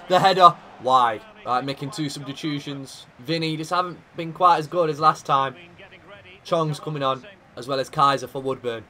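Bright-voiced excitable young Englishman. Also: fairly high pitch. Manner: excitable, shouting at big moments, dry asides. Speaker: gaming YouTuber. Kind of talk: commenting over a football video game.

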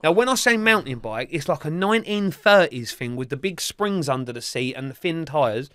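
A man spins a rowdy true story in a podcast interview, swearing constantly and mimicking the people in it. His voice sits a little high for a man. The recording is close and dry, with no room sound. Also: normal speed, dry recording. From England. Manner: animated, swears freely, acts out the voices of others. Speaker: interview guest.

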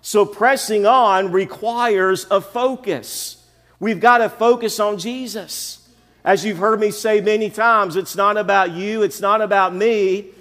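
A man's voice: high-pitched, a bit bright. A man preaching a sermon as pastor, building repeated phrases and asking the congregation "amen?". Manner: preacherly, repetitive calls of "amen?". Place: church sanctuary. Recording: long church reverb.

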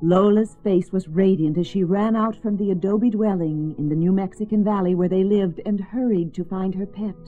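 A woman gently and expressively reading a children's story aloud, in a slightly muffled lo-fi recording. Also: medium pitch, normal speed, few pauses. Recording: slightly muffled lo-fi with faint music.

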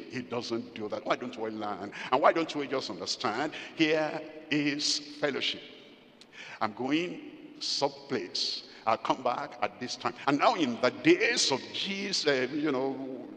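An older pastor preaches a sermon in an expressive, slightly bright mid-range voice at a measured pace. He poses rhetorical questions to the congregation and acts out little quoted scenes of what spouses say to each other. The recording carries the long echo of a large hall.

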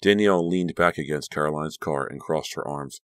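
A man's voice: very deep voice, moderate pace, clear, resonant tone, no room sound. A man narrating a horror audiobook with an intense, vivid reading.

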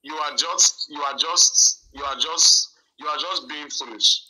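A man's voice: fairly high pitch, measured pace, sharp tone, poor audio. A man calling in, angry and accusing, repeating himself as he argues. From Nigeria. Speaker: caller.

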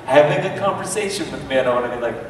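A man, a voice actor, answering fan questions at a convention panel with animated, laughing storytelling. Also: mid-range voice, racing, heavy background noise. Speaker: guest voice actor. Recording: echoey hall from far off. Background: crowd.

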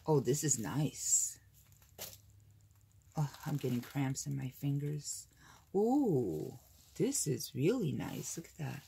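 A woman's voice: rumbling low, lively intonation, slow pace, gravelly, long pauses, mellow, slightly rough. An older American woman hosting a casual crafting unboxing, gushing and gasping with delight over papers. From United States. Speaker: crafting channel host.

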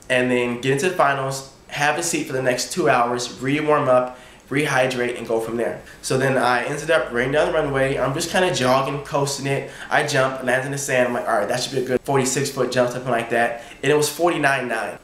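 A young man excitedly retelling a sports story in a casual vlog, acting out his own thoughts. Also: mid-range voice, brisk, reverberant. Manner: excited, animated retelling with quoted inner thoughts. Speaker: college triple jumper.

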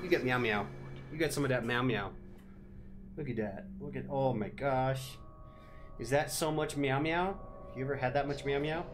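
A man streaming a video game live, excitably yelling at enemies and thanking his viewers. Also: medium pitch, normal speed, slight background noise. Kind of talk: live gameplay stream commentary.

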